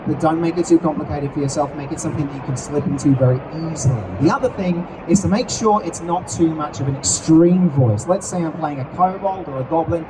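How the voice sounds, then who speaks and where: Casting: a fairly high-voiced man, chatty convention-stage presenter, captured on a distant mic in a noisy venue. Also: quick pace, hardly any pauses. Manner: chatty, playful, explaining with acted examples. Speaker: co-host teaching character creation. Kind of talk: live stage talk at a fan convention.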